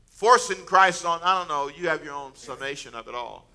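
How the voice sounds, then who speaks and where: A pastor preaching a casual, storytelling sermon, joking and conversational with the congregation. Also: male voice, a little high, moderate pace. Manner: conversational, animated, self-mocking storyteller.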